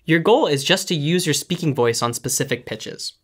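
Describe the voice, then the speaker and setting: A vocal coach giving calm, clear, step-by-step instructions in a scripted singing lesson. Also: mid-range voice, normal speed.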